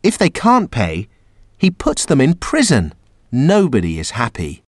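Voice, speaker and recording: A man's voice: medium pitch, huge pitch swings, measured pace, background noise. A man voicing a sad young boy king held prisoner, telling his story earnestly in a children's storybook.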